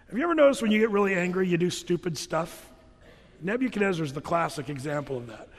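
A man's voice: high-pitched, lively intonation, fast, long reverb tail. A man pastor preaching a sermon, telling Bible stories in a casual, humorous way. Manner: conversational, humorous storytelling preacher.

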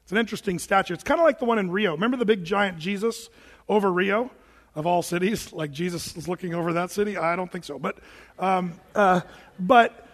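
A man's voice: high-pitched, fairly bright tone, long reverb tail. A male pastor preaching a sermon from the front of a church, conversational and prone to restarting his phrases.

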